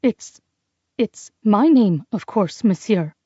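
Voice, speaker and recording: A woman's voice: medium pitch, animated, slow pace, warm tone, husky, no echo, dull audio. A woman voicing a frightened young woman who stammers and trips over her words in an audiobook. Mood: flustered. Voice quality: stammering, nervous. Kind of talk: audiobook character voice.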